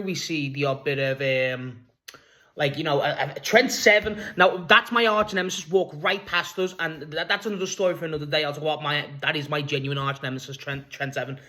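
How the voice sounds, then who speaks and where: A man's voice: on the high side, moderate pace, bright, forceful tone. A man with a Liverpool accent telling a rambling, sweary story in a casual vlog. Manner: rambling, sweary, laughs while talking. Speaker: vlogger.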